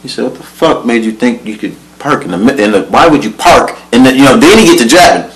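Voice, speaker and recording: A young man casually telling a story from his life, animated and profane, laughing often and mimicking the people he quotes. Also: medium pitch, fast, poor audio.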